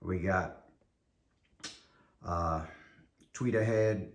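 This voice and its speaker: A man's voice: low voice, measured pace, fairly bright tone, a little hiss or hum. A man with a New York accent giving an enthusiastic, rambling tour of his collection room at home. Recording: echoey room.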